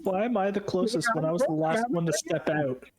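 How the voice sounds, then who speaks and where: A man's voice: high voice, expressive, crowd noise. A man playing a tabletop game, speaking politely in character with frequent hesitations. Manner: polite, halting in-character speech. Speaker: player. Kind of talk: tabletop role-play banter.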